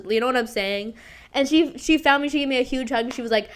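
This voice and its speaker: A woman's voice: high voice, quick pace, clear, resonant tone. A young woman hosting a podcast, chatting through a story in a dramatic, gossipy way, full of "like", swearing and bursts of laughter. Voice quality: animated, breaks into laughter and squeals. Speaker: podcast host. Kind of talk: casual storytelling chat.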